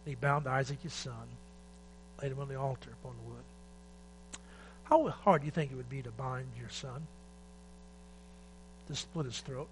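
A man preaching a sermon, moving between loud urgent exhortation and quiet, emotional retelling of a scripture story. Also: mid-range voice, fairly even intonation, moderate pace, long pauses, poor audio. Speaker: pastor. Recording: faint mains hum.

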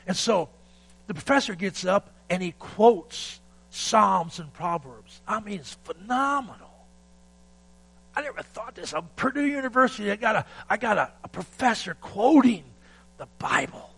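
Man, pastor delivering a sermon; high, bright voice, folksy storyteller who builds to shouting; light electrical hum. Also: animated, moderate pace, vocal fry, husky, rough recording. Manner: calls for amen from the congregation.

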